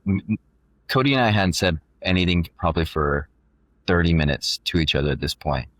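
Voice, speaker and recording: A man guest on a podcast, telling a long story in a casual, animated way, often quoting himself, with many fillers. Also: sits low, fairly quick, dry recording.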